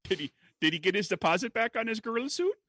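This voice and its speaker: A husky-voiced man riffs jokes on a casual comedy podcast, his slightly raised pitch swinging widely. The sound is close and dry. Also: lively intonation, fast, sharp tone, no room sound. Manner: jokey riffing, slips into a put-on Midwestern voice. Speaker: podcast co-host.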